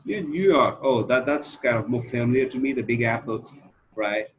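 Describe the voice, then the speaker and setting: A man's voice: medium pitch, normal speed, a little hiss or hum. A man from India, a sales trainee practicing a sales call, talking in a hesitant, rambling way full of fillers.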